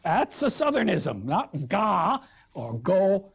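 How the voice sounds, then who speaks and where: A woman lecturing on literature in an animated, expressive way, with emphatic stresses. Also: on the low side, slow pace, creaky, husky. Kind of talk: recorded lecture.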